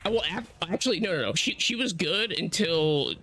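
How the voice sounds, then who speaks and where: A man in casual stream chat, animated and profane, laughing often. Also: high-pitched, a little fast, a crowd in the background.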